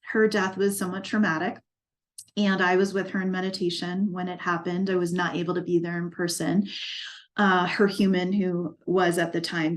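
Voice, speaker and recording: A middle-aged woman, an equine life coach, telling her personal story in a documentary interview in an earnest, reflective and emotionally moved way. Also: on the low side.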